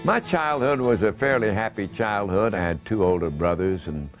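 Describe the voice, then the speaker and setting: A man in his eighties, from Georgia in the US, recalling his baseball broadcasting career in an unhurried, folksy interview manner. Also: lowish voice, over music. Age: 80s. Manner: unhurried, folksy, gentle chuckles and fillers. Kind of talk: reminiscing interview.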